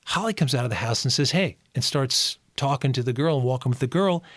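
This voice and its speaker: A man's voice: medium pitch, expressive, quick pace, fairly bright tone, no echo, studio quality. A man co-hosting a podcast, retelling film scenes in casual chat and acting out the characters' lines. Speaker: podcast co-host.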